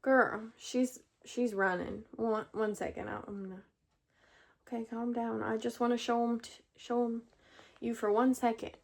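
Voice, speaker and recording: A woman's voice: fairly high pitch, flat delivery, normal speed, creaky. A young woman vlogging at home, telling a rambling story to camera, full of fillers and restarts. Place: at home with pet rabbits.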